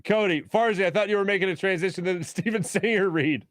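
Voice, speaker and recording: A man with a high, fast voice hosts a sports talk show in a chatty, joking way, laughing often as he reads viewer comments during a casual live stream. The audio is studio quality with no room sound.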